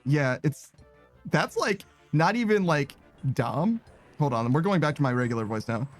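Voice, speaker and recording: A man chats loosely with his viewers while gaming, his voice a little high for a man, very animated, at normal speed. He rambles, second-guesses himself and giggles often, self-consciously, over faint background music.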